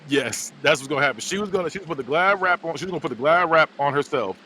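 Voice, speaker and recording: A man hosting a podcast, recapping a movie in an animated, casual way with frequent laughs. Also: a little high, fast, slight background noise. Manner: animated storytelling, laughs often. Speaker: podcast host.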